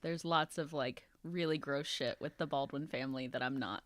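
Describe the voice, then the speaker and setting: A young woman from the American South co-hosting a casual podcast, relaxed and easy-going. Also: deep voice, moderate pace, background noise. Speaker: podcast co-host. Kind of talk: casual chat.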